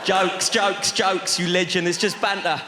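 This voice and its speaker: A man's voice: high voice, little pitch movement, a little slow, heavy background noise. A man with a London accent doing stand-up crowd work with cheeky slang banter on a theatre stage. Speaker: stand-up comedian. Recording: live theatre, loud crowd, reverb. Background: audience laughter and applause.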